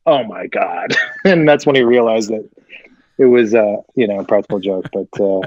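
A man, a guest actor, telling an animated anecdote and acting out the voices of the people in it, laughing often. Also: fairly low pitch, moderate pace, no room sound, dull audio.

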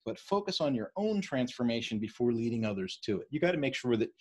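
East Coast-raised male study leader, husky voice, rapid and conversational. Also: medium pitch, sing-song. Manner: fast-talking, keeps checking in with "right?". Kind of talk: casual teaching on a leadership book.

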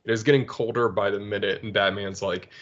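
A man's voice: fairly low pitch, fairly even intonation, a little fast. A man joins a casual comic book chat, laughing often and throwing in jokes. The recording is dull and lo-fi. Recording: dull lo-fi sound.

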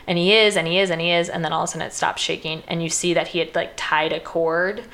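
A woman's voice: fairly low pitch, fairly even intonation, quick pace, fairly bright tone. A woman casually retelling a film's plot, peppering her speech with "like" and briefly acting out the characters' lines. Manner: chatty, uses lots of "like", acts out quoted lines.

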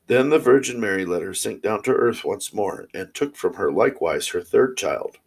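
A man reading old fairy tales aloud in a steady, measured way. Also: fairly low pitch, slightly rough, poor audio. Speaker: storyteller.

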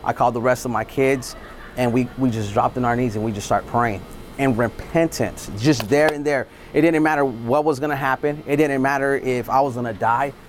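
A man's voice: medium pitch, fairly even intonation, brisk, slight background noise. Earnest stammering man telling his story. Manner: stammering, repeats words often; earnest and heartfelt. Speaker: guest sharing a faith testimony. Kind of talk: emotional storytelling.

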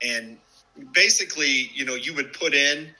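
A man's voice: normal speed, poor audio. A man in his fifties, a former ballplayer and podcast guest, telling stories casually and acting out the people he quotes. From United States. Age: 50s. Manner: animated, acts out quoted people with sharp jumps in pitch, lots of fillers. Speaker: former baseball player, guest. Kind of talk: casual storytelling.

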